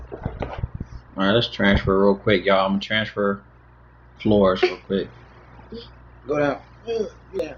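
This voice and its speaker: A man's voice: on the low side, slow pace, long pauses, highs cut off, slight background noise. A man on a home livestream, chatting in sing-song baby talk to his little daughter between asides to his viewers. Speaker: livestream host and father. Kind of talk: casual livestream chat. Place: at home, moving to the kitchen.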